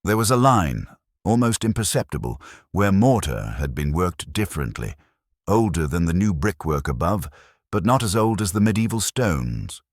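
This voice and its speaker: A man narrating a mystery audiobook in a measured, atmospheric storytelling manner. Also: deep voice, very animated, dry recording, clean studio sound.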